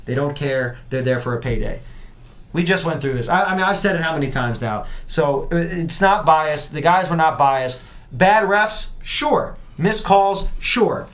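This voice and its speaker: A man's voice: a little high, animated, a little slow, a bit bright. A man hosting a casual podcast, talking bluntly and steering the segments. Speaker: podcast host.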